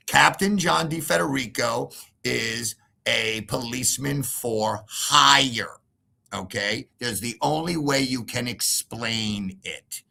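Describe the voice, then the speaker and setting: A man's voice: medium pitch, gravelly, husky. A man in an interview, telling a heated story emphatically and acting out other people's words with lots of repetition. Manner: animated, acts out quoted voices, emphatic repetition. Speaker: interview guest.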